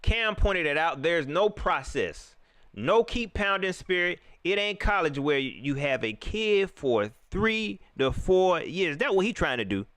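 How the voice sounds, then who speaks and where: A man hosting a live reaction stream, ranting in an animated way and talking straight to his viewers. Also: sits high, measured pace, dry recording.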